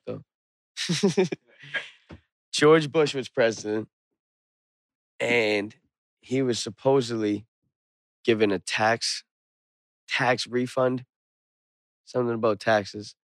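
A young man telling a rowdy story in casual chat, swearing, animated and getting loud. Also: mid-range voice, slow pace, long pauses, dry recording.

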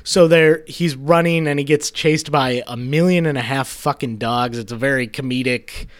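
A man's voice: medium pitch, moderate pace. A man co-hosting a casual movie recap chat, laid-back and joking, laughing often. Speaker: podcast co-host.

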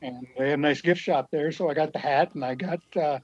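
A man chats as a guest, easing through long, rambling stories in a laid-back way. His voice sits a little high. The sound is dull and lo-fi. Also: fairly quick, darkish tone, breathy edge, no echo. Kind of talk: casual chat.

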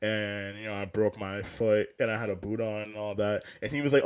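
A man's voice: on the low side, steady tone, a little fast, slight background noise. A young man co-hosting a podcast, talking in a loose, rambling, profane way and laughing often. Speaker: podcast co-host. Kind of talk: casual chat.

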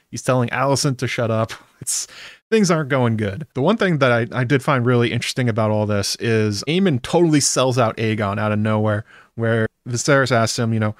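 Brisk and medium-pitched, this man runs through a casual episode recap with wry chattiness and a few swear words. The sound is clean studio audio with no room sound.

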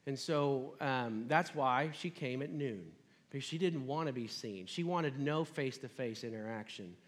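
A man's voice: medium pitch, moderate pace, in a large hall. A man preaching a sermon in a conversational, casual way, retelling a scripture story.

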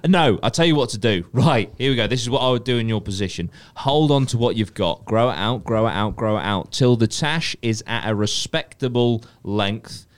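A man hosting a podcast in casual banter, swearing and laughing with friends. His voice is smooth and resonant, sitting at an ordinary pitch. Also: normal speed, hardly any pauses. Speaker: podcast host. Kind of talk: casual chat.

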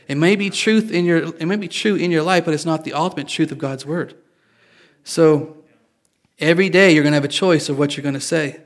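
A man's voice: a little high, a little fast. A man preaching a sermon in a casual, confessional way, joking with his listeners. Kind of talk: conversational sermon.

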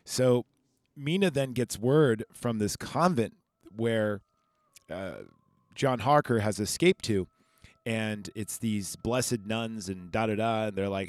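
A man with a voice on the low side hosts a podcast, slowly recapping a film in a rambling, chatty way packed with fillers and asides. It's a casual chat on a podcast microphone with no room sound.

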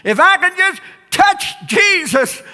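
Sick woman pleading for healing, shouted by a male preacher, sharp and high, reverberant church. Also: sing-song, takes it slowly, exaggerated voice. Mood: desperate.

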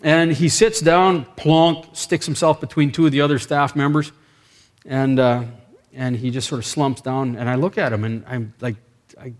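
A man preaching a sermon, telling a story with lively acted dialogue and sudden bursts of excitement. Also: medium pitch, normal speed.

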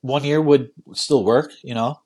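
A man hosting a casual podcast, easygoing and quick to laugh, often restarting his sentences. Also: medium pitch, fairly even intonation, darkish tone, slightly rough. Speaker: podcast host.

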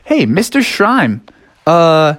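A storyteller voicing an excitable, chatty young frog schoolboy in a children's storybook. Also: mid-range voice, slow pace. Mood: impressed. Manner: eager, breathless exclamations. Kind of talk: children's storybook read-aloud.

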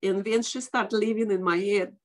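A woman guest, a doctor, telling a dramatic personal story in casual interview talk, with non-native English grammar and lively quoted voices. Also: medium pitch, normal speed.

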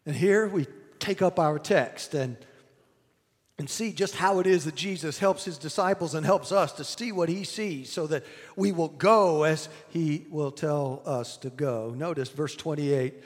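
A man preaching a sermon, retelling a scripture story with animated quoted voices and asides to the congregation. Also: on the high side, a little slow. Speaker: pastor. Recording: reverberant hall.

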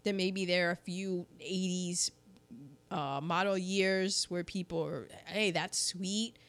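A woman in casual conversation, talking in an animated way and slipping into voices when she quotes people. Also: on the low side, a little slow. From California. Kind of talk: casual chat.

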